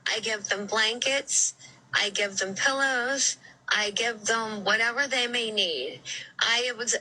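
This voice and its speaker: A woman's voice: on the high side, takes it slowly, bright, forceful tone, exaggerated voice, low-quality recording. A woman putting on a made-up persona through a voice changer, rambling and pleading. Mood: earnest. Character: fake persona of a charity woman.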